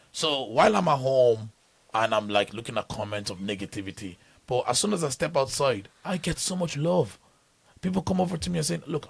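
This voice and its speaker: A man's voice: fairly low pitch, gravelly, a bit bright. A middle-aged man from Nigeria, a podcast guest telling stories in rambling casual talk, full of restarts. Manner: rambling storytelling with many restarts.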